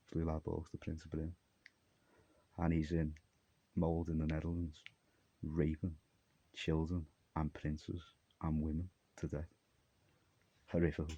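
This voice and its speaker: A man's voice: rumbling low, dark tone, dull audio. A man from Armenia talking to camera in a rambling solo monologue, jumpy and disjointed, trailing off mid-thought. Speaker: vlogger.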